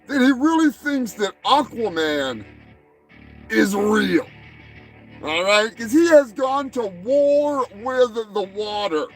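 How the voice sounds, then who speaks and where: A man hosting a show in a crude, profane comedy rant, mocking people and shouting when worked up. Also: extremely high pitch. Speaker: podcast host.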